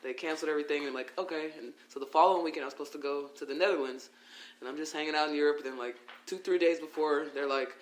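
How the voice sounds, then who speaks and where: Brief: male wrestler guest, quick animated storyteller in an echoey room with faint noise. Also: fairly high pitch. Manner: animated, quick, acts out quoted voices. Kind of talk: casual podcast storytelling.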